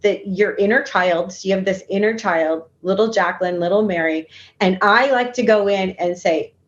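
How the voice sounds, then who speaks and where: A woman guest in an interview, speaking earnestly and coaching the listener through her own inner dialogue. Her voice sits at a middle pitch. The audio is dull and lo-fi. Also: normal speed. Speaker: guest, intuitive healer. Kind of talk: conversational interview.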